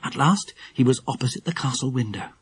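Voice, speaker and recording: A man narrating a children's audiobook in a lively, expressive storytelling manner. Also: mid-range voice, fairly quick, husky.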